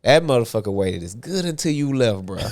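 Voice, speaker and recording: A young man on a podcast, telling a story in a casual, animated way, laughing often and using heavy slang and profanity. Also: medium pitch, fairly quick, no echo, studio quality. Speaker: podcast co-host.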